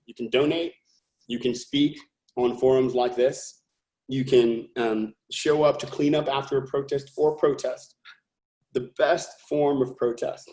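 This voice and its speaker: Interview guest: an earnest, emphatic man with a mid-pitched voice, roomy echo on the recording. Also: darkish tone. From California, USA. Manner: earnest, emphatic, thinking aloud with restarts. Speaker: company founder and CEO, guest. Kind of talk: podcast interview.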